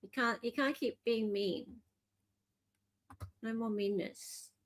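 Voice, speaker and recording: A woman's voice: on the high side, steady tone, slow pace. A woman with an Australian accent hosting a live stream, chatting playfully with her viewers. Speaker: livestream host. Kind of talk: casual live commentary.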